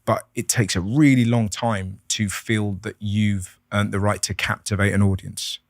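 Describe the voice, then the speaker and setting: A lower-voiced comedian, chatting on a podcast. He tells lively stories, slips into voices and swears freely. The sound is dry and close. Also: normal speed, no echo. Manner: animated storyteller, acts out voices, swears freely. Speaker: comedian guest. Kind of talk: casual podcast conversation.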